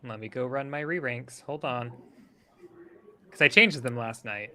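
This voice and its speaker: Bright-voiced eager man breaking down staging. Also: mid-range voice, unhurried, a little hiss or hum. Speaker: stream co-host. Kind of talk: casual chat.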